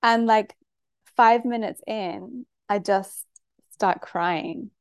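Woman, podcast host, animated, candid storyteller, mid-pitched, dry close sound. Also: drawn-out words, clean tone, no echo. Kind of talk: conversational podcast interview.

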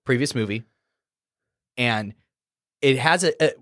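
A man's voice: mid-range voice, lively intonation, a little slow, a bit bright, no room sound. A man co-hosting a casual podcast, quizzing his friend and teasing him with dry jokes. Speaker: podcast co-host running the quiz.

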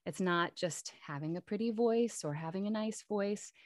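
A woman voice actor chatting casually in an interview, telling stories in a lively way. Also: medium pitch, normal speed, no echo. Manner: chatty and storytelling. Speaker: voice actor guest.

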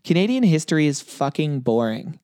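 A man reading multiple-choice quiz questions aloud in a relaxed, casual chat, then talking over the answers. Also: fairly high pitch, fairly quick, dry recording. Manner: reads options steadily, relaxed and dry. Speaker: quiz reader, co-host.

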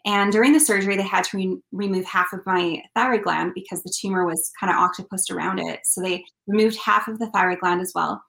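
A woman's voice: mid-range voice, a little fast, creaky, hardly any pauses, a bit bright, roomy sound, poor audio. A woman from Canada, a country singer and interview guest, telling a personal story in an earnest, heartfelt way.

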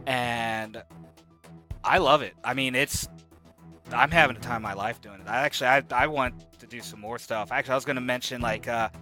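A man's voice: medium pitch, brisk, sharp tone, soft background music. A man answering questions about his work as a cast member, hesitant and searching for words. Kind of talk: casual interview answer.

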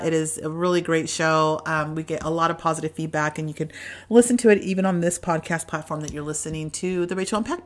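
Woman, forties, podcast host with a slightly low voice, a chatty and encouraging pep talk. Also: fairly bright tone. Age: 40s. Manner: chatty, encouraging, many fillers and restarts. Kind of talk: motivational solo podcast talk.

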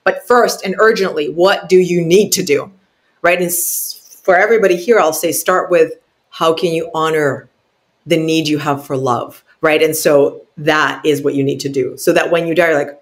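A woman guest on an interview podcast, telling a heartfelt story with lots of expression, often checking in with "right?" and acting out quotes with big jumps in pitch. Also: fairly even intonation, normal speed.

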